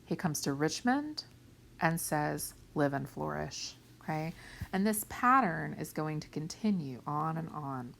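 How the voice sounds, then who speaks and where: A woman teaching a lecture on a play, explaining plainly, checking in with "right?" and "okay?", and softly whispering some quoted lines. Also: sits low, expressive, measured pace, creaky.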